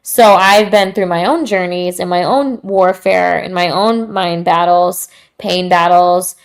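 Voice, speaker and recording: A woman's voice: lowish voice, unhurried. A woman hosting a podcast, talking candidly and casually in slangy, straight-to-the-point speech. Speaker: podcast host. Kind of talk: casual talk.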